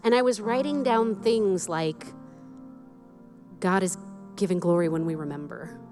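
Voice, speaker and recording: A woman pastor delivers a sermon in a fairly low voice, candid and self-deprecating as she laughs at herself between points. Soft music plays faintly behind her. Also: a little slow.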